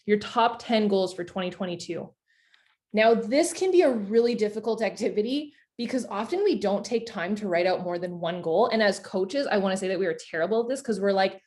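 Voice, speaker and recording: A woman leading a live online coaching workshop, talking in a chatty, animated way with lots of filler words. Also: medium pitch. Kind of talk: casual coaching talk to an online group.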